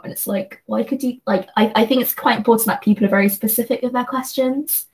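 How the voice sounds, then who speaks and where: Woman, earnest, reflective, thinks aloud, restarts often, level narrow pitch. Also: level tone, brisk, a little mellow. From London, England. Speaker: guest, company associate. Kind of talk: reflective conversational discussion.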